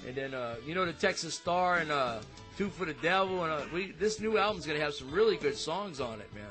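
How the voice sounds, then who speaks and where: A man's voice: on the high side, animated, a little fast, a bit bright, faint music behind. A man hosting a casual show, chatting and joking with a guest on the phone, rambling with many restarts. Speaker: show host. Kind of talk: casual chat.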